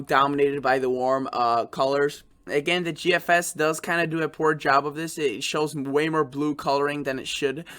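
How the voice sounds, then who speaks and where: A man's voice: medium pitch, a bit bright. A man hosting his own weather channel, talking unscripted through forecast maps with plenty of fillers and restarts. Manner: halting, many fillers and restarts.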